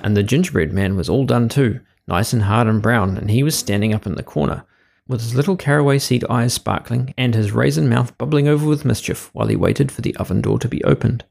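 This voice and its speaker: Gravelly man reading a children's tale. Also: mid-range voice, fairly quick. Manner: lively expressive reading. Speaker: storyteller. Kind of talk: reading a children's story aloud.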